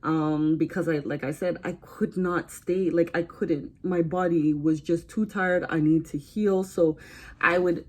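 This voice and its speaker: A young woman talks to camera in a casual storytime while getting ready, chatty and animated. Her voice sits a little low, and she often slips into quoted voices. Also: breathy edge. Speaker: vlogger.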